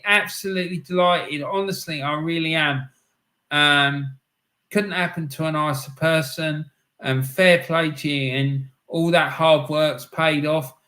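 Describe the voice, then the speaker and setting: A man's voice: fairly high pitch, sharp tone. A middle-aged man hosting a casual live stream, reading out chat comments in a chatty way with lots of ums, frequent laughs and "mate".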